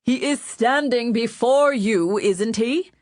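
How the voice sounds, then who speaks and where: Lady doing a snarling bully of a spymaster guy, slow and menacing, dry sound. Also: low-pitched, no room sound. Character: scheming male royal spymaster, furious and bullying.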